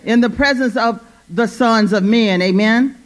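A woman's voice: on the high side, unhurried. Fervent woman preaching. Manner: fervent, repeats phrases, call-and-response "Amen?". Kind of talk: church sermon. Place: church service.

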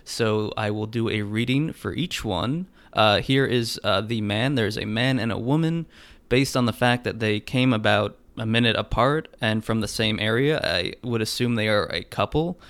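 A man's voice: lowish voice, moderate pace, a bit bright, clean tone. A man hosting a podcast, reading tarot cards for callers in a dry, hesitant way full of filler words. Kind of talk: casual chat.

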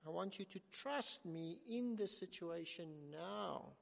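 High-voiced earnest male preacher, reverberant hall. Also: vocal fry. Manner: earnest, rising to emphatic then dropping to soft, slow quotes. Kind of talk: sermon.

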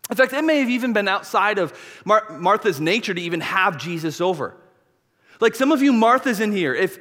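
A man's voice: a little high, a bit bright. A man in his thirties preaching a sermon, acting out biblical characters in changing voices. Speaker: pastor. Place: church. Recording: long reverb of a church hall.

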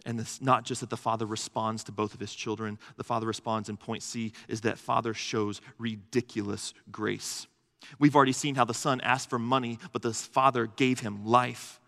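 A man's voice: mid-range voice, little pitch movement, moderate pace, vocal fry, fairly bright tone. A man pastor giving a sermon, earnest and emphatic, building lists of phrases to a peak. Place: church hall. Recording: long reverb of a large hall.

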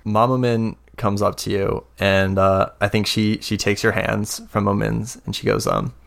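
A man narrating a tabletop game as game master, relaxed and hesitant. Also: on the low side, moderate pace, gravelly. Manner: relaxed, hesitant, many fillers.

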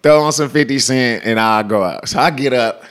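Guy from cali telling wild stories, slangy, laughs a lot, mid pitch. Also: normal speed. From California. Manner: animated, slangy, laughs often. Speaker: interview guest. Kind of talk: casual storytelling.

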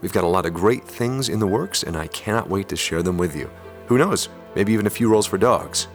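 A man's voice: on the low side, animated, fairly quick, soft background music. A man with a Midwestern accent, hosting a theater company's podcast and announcing its coming season in an upbeat, chatty way with frequent "uh" fillers. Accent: Midwestern American. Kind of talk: solo promotional podcast announcement.

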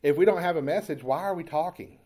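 A man preaching a sermon as pastor, moving from calm, conversational storytelling into loud, impassioned preaching. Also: a little high, quick pace.

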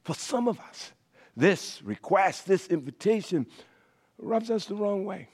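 Male pastor, sermon, high voice, wildly animated pitch, drops to whispers. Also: unhurried, husky. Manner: dramatic, swings from loud declarations to hushed whispers; repeats phrases for emphasis, calls out to the congregation.

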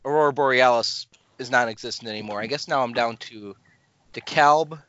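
A man's voice: medium pitch, fairly quick, a bit bright, no echo. A man hosting a podcast in casual chat, rambling and self-deprecating with many restarts. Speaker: podcast host. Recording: slightly dull lo-fi podcast audio.

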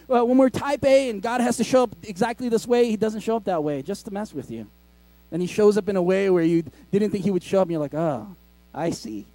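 High-voiced man preaching with a mellow tone. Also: no room sound. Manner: conversational and joking, with laughing asides. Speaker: pastor. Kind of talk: sermon. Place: school cafetorium used as a church.

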